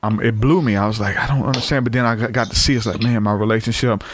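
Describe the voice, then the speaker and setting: Earnest low-voiced man telling a story. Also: fairly even intonation, quick pace, slight background noise. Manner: earnest, conversational, frequent fillers and restarts. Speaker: guest sharing testimony. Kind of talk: casual storytelling.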